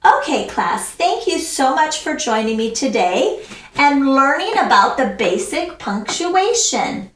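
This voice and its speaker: A woman teaching a basic English lesson, speaking with sing-song, exaggerated emphasis and deliberate pauses. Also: sits high, big pitch swings, reverberant, far from the mic, a little hiss or hum. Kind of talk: slow, deliberate classroom lesson for learners.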